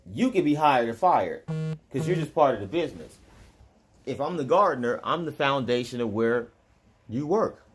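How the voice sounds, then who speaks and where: A man speaking in a relaxed, rambling vlog monologue. He talks straight to the listener in a voice of ordinary pitch. He drifts from point to point and chuckles between them. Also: moderate pace. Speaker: vlogger.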